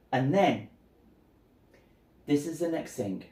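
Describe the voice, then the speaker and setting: A man's voice: fairly high pitch, big pitch swings, unhurried, long pauses, dark tone. A man in casual commentary, chatting through a movie scene with lots of fillers. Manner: chatty retelling, many fillers. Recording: roomy echo.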